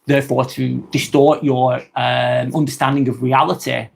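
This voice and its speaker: A man's voice: mid-range voice, little pitch movement, moderate pace, creaky, slightly rough. A man hosting a live vlog, talking bluntly and expressively, swearing freely and reading out chat comments.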